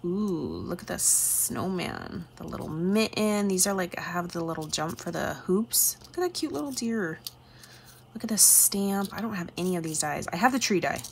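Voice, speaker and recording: A woman hosting a craft channel, unboxing handmade gifts in a gushing chat, with breathy exclamations and soft whispered asides. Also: mid-range voice, a little hiss or hum.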